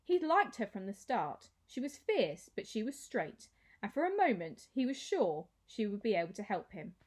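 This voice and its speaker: At a moderate pace, a teacher reads aloud from a children's novel with expressive storytelling. Her mid-range voice has a breathy edge.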